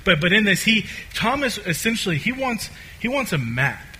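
A man's voice: high voice, big pitch swings, normal speed, bright, forceful tone, rough recording. A man preaching a sermon in a casual, conversational way, with many fillers and restarts.

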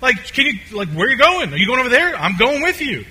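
A man's voice: extremely high pitch, big pitch swings, fast talker, bright, forceful tone, breathy edge, pitched above the performer's own voice, heavily acted, rough recording. A man voicing an eager male disciple who insistently begs to be taken along. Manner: pleading, insistent.

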